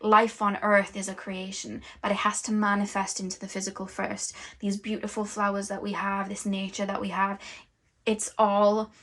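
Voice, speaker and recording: A woman's voice: medium pitch, monotone, normal speed, a bit bright. A woman giving an intuitive tarot reading, talking in a flowing, rambling way with many fillers. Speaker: tarot reader and energy channeler.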